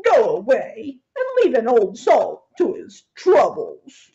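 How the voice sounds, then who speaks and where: A woman's voice: a little high, wildly swooping pitch, slow, dark tone, dull audio, exaggerated voice. A woman voicing a grumpy old male sea captain in a storybook, groaning and grumbling.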